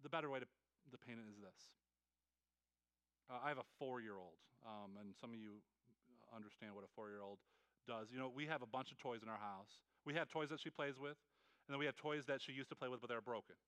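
A man preaching a sermon as a pastor, earnest and pleading, with many quick restarts and repeated words. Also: mid-range voice, fairly bright tone, clear, resonant tone, dry recording.

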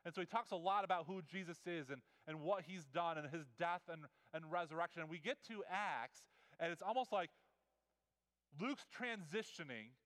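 A man's voice: high-pitched, fairly bright tone, clean tone, in a large hall. A man preaching a sermon in a casual storytelling way, acting out the quotes. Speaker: pastor.

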